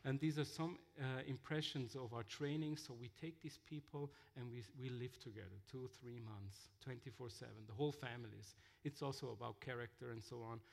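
A man telling mission stories in a sermon, halting with fillers and restarts. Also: mid-range voice, creaky. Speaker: missionary speaker. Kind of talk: sermon-style storytelling.

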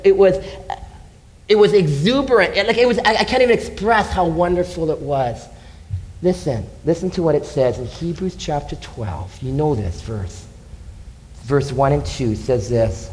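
A man's voice: on the high side, moderate pace, darkish tone, poor audio. A man preaching a sermon as pastor, passionate and emphatic, repeating key phrases.

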